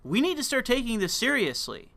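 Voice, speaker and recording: A man's voice: extremely high pitch, wildly swooping pitch, a little fast, vocal fry, sharp tone, no echo. A man hosting a political commentary show, talking in a heated, profane, rambling way with many fillers. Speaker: commentary channel host.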